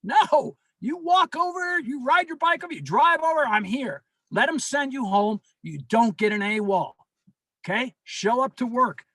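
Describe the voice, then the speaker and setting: A man's voice: very high voice, animated, moderate pace, a bit bright, dry recording. A man speaking as a union representative at a members' meeting over a video call, earnestly pleading and repeating his warnings.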